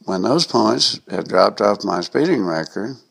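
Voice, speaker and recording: Low gravelly-voiced man telling a story. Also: expressive, measured pace. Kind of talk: reading a personal anecdote aloud.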